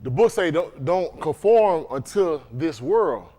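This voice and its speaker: A man delivers a sermon in a high voice that rises and falls with lively energy. He talks loosely to the congregation, breaking off to ask whether they are following him. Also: takes it slowly. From Dade County, Florida. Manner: conversational, animated preaching with frequent questions to the congregation. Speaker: preacher. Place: congregation room.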